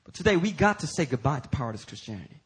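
Pastor, male, bright husky voice, preaches with emphatic high climbs and casual y'all asides. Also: sing-song, very fast, rough recording. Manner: emphatic preaching that rises to high, loud peaks. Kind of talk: sermon.

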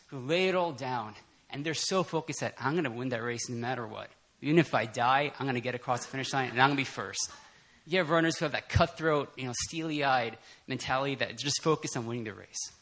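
A man preaching a casual, conversational sermon at a church prayer meeting, animated and laughing often, with many fillers and restarts. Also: mid-range voice.

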